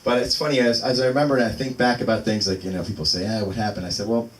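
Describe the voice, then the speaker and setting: Talking very fast in a lowish voice with fairly even intonation, a stand-up comic in his thirties performs at an open mic in a small venue. He rambles and interrupts himself with fillers, picked up by a distant mic amid loud room noise.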